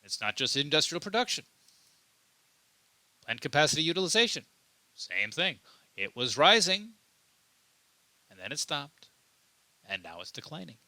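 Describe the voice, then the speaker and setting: Emphatic man with a bright, dry voice. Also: on the high side, very animated, moderate pace, long pauses, no room sound. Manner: repeats himself and restarts often, emphatic. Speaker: political commentary host. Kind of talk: unscripted commentary monologue.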